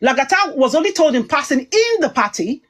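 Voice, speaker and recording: A woman's voice: high-pitched, very animated, brisk. A woman talking heatedly on a livestream, emphatic and rambling as she goes. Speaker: online commentator.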